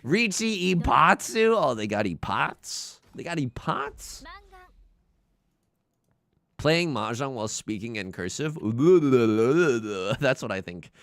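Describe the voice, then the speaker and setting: A young man giving live game commentary to his chat, jokey and animated, often stumbling and repeating words. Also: medium pitch, slow pace, long pauses, dry recording. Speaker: streamer.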